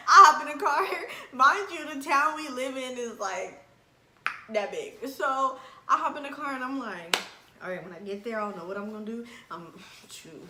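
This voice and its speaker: A young woman tells a story in a lively, bright voice that runs fairly high. She laughs often and acts out every quote. The room is echoey and has a faint hiss under it. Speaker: vlogger telling a story. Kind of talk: casual storytime chat.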